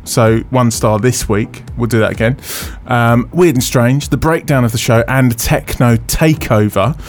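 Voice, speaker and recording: A man's voice: medium pitch, measured pace, soft background music. Joking male radio host. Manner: teasing, jokey, loose. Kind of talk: casual studio banter. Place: radio studio. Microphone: studio microphone.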